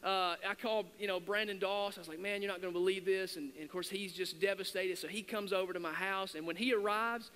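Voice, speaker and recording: A man's voice: high-pitched, fairly quick, hardly any pauses, bright, forceful tone. A man, a pastor, telling his personal story in an earnest sermon, often restarting his sentences. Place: church sanctuary. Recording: long hall reverb.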